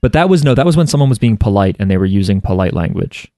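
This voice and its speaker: A man's voice: lowish voice, expressive, fast talker, mellow, dry recording, clean studio sound. Rambling man chatting about anime. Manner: rambling, many fillers and restarts. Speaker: podcast co-host. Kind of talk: casual anime discussion.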